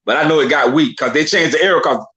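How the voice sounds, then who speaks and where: A man's voice: a little high, fast talker, fairly bright tone, muffled recording. A man on a casual sports debate who stammers, repeats the same line and teases the others. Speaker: debate panelist.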